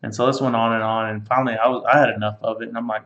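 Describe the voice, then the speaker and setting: A man's voice: medium pitch, steady tone, fast talker, hardly any pauses, a bit bright. A man in his thirties hosting, telling a joking, profane story. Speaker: podcast host. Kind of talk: casual storytelling chat. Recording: echoey room, dull lo-fi sound.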